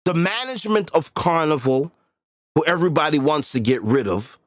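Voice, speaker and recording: Blunt, animated man ranting on a livestream. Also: fairly high pitch, moderate pace, no room sound, clean studio sound. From Boston area. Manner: blunt, profane, emphatic repetition. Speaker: livestream host. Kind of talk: casual livestream rant.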